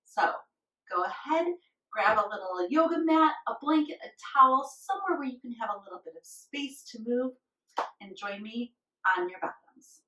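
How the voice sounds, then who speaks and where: A woman leading a children's yoga class, giving gentle, encouraging instructions and now and then making playful animal noises. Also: on the high side, expressive, normal speed, reverberant, recorded from a distance, lo-fi sound. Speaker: kids' yoga teacher.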